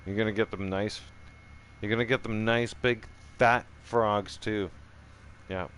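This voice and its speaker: A man's voice: on the low side, fairly even intonation, measured pace, a bit bright, smooth. A middle-aged man telling a profane, rambling story in casual chat, full of "right?" asides. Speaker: streamer.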